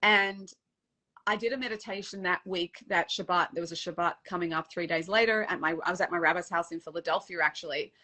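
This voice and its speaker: Middle-aged woman, dating coach guest; bright, forward voice; animated, emotional storytelling. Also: fairly low pitch, fairly quick. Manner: emotional, animated retelling with acted-out quotes. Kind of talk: casual interview storytelling.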